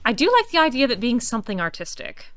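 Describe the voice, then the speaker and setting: A woman's voice: a little high, wildly swooping pitch, fast talker, fairly bright tone. A woman streamer chatting casually over her gameplay, musing aloud and slipping into playful mock outrage. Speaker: let's-play streamer.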